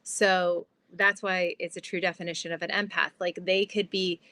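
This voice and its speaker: Woman guest on a podcast, kinda low voice, explains stuff fast and chatty, says like a lot. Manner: animated, explanatory, fillers like "like". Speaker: guest, transformation guide. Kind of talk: casual interview explaining.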